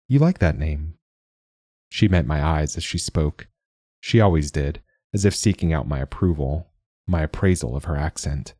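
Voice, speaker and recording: A man giving measured, wry, reflective first-person audiobook narration. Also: extremely low pitch, dark tone, no room sound, studio quality.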